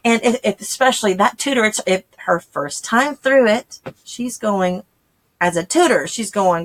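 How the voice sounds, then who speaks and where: A woman's voice: mid-range voice, animated, moderate pace, fairly bright tone. A woman, talking casually and chattily to homeschooling parents, acting out quoted voices as she explains. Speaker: homeschool channel host.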